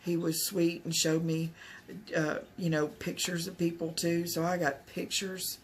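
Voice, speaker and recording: A woman tells a personal story at an unhurried pace. Her pitch stays flat and level, and she wanders through fillers and false starts. A faint hiss sits under her voice. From Texas. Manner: rambling, many fillers and restarts. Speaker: vlogger.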